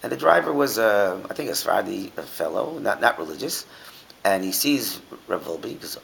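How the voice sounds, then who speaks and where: A man's voice: on the low side, very animated, brisk, gravelly, a little hiss or hum, rough recording. A man teaching an informal Torah class, asking his listeners many rhetorical questions and often restarting his sentences.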